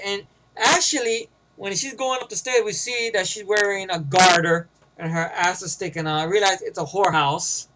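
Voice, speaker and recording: A man's voice: high-pitched, fairly even intonation, normal speed, few pauses, pushed and bright, low-quality recording. A man with a New York accent giving a rambling, profane, casual movie review, often getting sidetracked.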